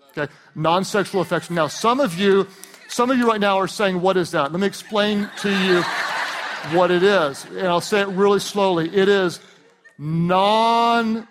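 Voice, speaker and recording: Male pastor, high voice, lively and funny sermon delivery with shouted emphasis. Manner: animated and humorous, swells to shouts on key points.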